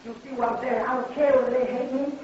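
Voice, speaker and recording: High-voiced man preaching mockingly in echoey hall. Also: little pitch movement, quick pace, a little mellow, slight background noise. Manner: emphatic, mocking, full of rhetorical questions. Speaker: religious lecturer. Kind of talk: preaching lecture to a live audience. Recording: very echoey, distant, lo-fi hall recording.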